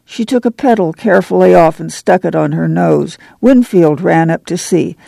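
A woman narrating an audiobook in a steady reading voice. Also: on the low side, normal speed, creaky, no echo.

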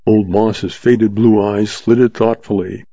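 Low, mellow male audiobook narrator. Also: little pitch movement, slow pace, no echo. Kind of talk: scripted narration of a western novel. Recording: dull lo-fi dry recording.

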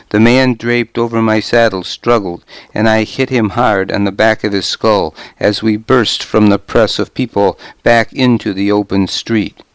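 A man reading a first-person audiobook as narrator, with a grim, measured delivery. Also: on the low side, clear, resonant tone, dry recording.

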